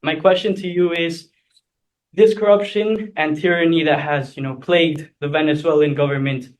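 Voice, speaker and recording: A man's voice: on the high side, poor audio. A young man from Mexico, a student moderator, asking a formal and admiring question at a talk.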